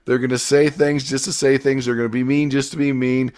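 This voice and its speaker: A man teaching a motivational business class, energetic and storytelling, with loud emphatic bursts and quiet asides. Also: mid-range voice, a little fast, clean tone. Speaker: success coach.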